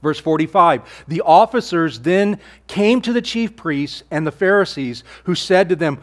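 A man preaching a sermon, earnest and conversational, asking rhetorical questions and sometimes dropping his voice low for emphasis. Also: sing-song, normal speed. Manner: earnest preaching, rhetorical questions, drops to near-whisper on key lines. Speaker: pastor.

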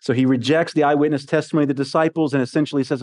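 A man's voice: on the high side, fairly even intonation, racing, hardly any pauses, a little mellow. Man preaching a conversational sermon. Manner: conversational, emphatic, with rhetorical questions. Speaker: pastor.

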